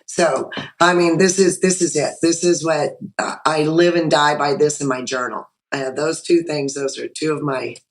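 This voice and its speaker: A woman's voice: low-pitched, normal speed, poor audio. Chatty woman guest telling her story. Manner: chatty, lively storyteller with many restarts. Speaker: podcast guest. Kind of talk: personal story told in conversation. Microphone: video call.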